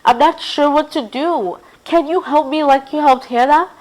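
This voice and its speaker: A woman's voice: sits high, normal speed, voice pushed up, lightly acted, poor audio. A woman voicing an eager, wide-eyed young girl in a storybook reading. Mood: excited. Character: curious excitable young girl.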